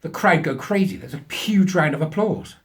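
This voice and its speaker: A man's voice: a little high, normal speed. A man hosting a commentary show, ranting crudely and then telling a joke he laughs at himself. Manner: crude, ranting, laughs at his own jokes. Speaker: host.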